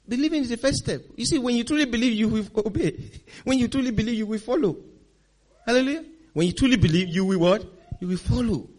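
A man preaching a sermon as pastor, emphatic and calling for responses from the congregation, often laughing. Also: sits high. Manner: laughs often, swings loud and soft.

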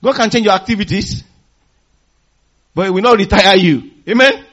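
A man's voice: high voice, moderate pace, a bit bright. A man preaching a sermon, calling and responding with the congregation and telling stories with chuckles. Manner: call-and-response preaching, asking the congregation to finish phrases; storytelling with chuckles. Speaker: pastor. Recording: dull lo-fi recording.

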